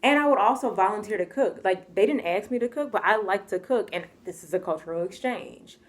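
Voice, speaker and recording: A woman's voice: medium pitch, fairly quick. Chatty American woman telling a story. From United States. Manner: chatty, expressive, acts out dialogue, laughs often. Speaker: vlogger telling a personal story. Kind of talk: casual storytime monologue.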